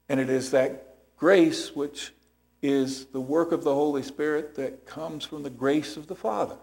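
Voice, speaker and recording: A man's voice: a little high, creaky, darkish tone. A man preaching a sermon as pastor, explaining scripture step by step and checking in with rhetorical questions.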